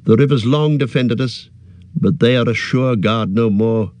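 A man's voice: medium pitch, a little mellow, no room sound, lightly acted. A man reading aloud and voicing a stern, noble male elf guard leader who speaks formally and evenly. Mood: solemn. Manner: formal, measured.

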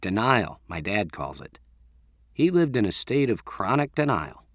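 A man's voice: lowish voice, very animated, a little slow, no room sound, studio quality. A man voicing a wry, slightly nervous teenage boy in a storybook reading. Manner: wry, offhand.

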